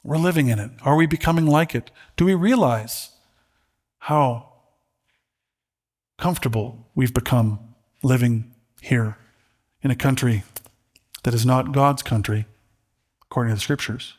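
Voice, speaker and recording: A middle-aged man preaching a sermon, earnest and halting, holding back tears, his voice lifting when he reads scripture aloud. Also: medium pitch, darkish tone. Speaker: pastor.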